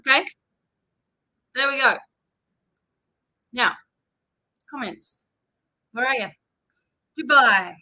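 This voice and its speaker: A woman's voice: high voice, lively intonation, takes it slowly, long pauses, sharp tone, rough recording. An Australian woman hosting a live psychic-reading stream, chatting casually and reading out viewers' names and places.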